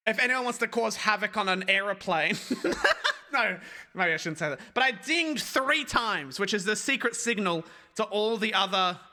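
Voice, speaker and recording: A young man doing stand-up on a live stream, with a high, very bright and forceful voice. He tells his story with lots of energy and keeps breaking off to talk to his chat. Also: moderate pace. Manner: animated anecdote with asides to chat.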